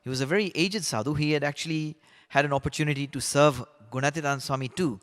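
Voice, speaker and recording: A man telling stories from a biography as a class teacher, in a relaxed, conversational way with fillers and restarts. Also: on the high side, quick pace. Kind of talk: storytelling lesson on a biography. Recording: long hall reverb.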